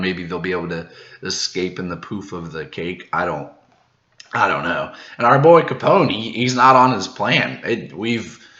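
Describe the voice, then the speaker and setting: A man hosting a manga reaction video, recapping the chapter in a casual, excited way, laughing often and tripping over his words when he gets hyped. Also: fairly low pitch, roomy sound, highs cut off. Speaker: manga reaction channel host.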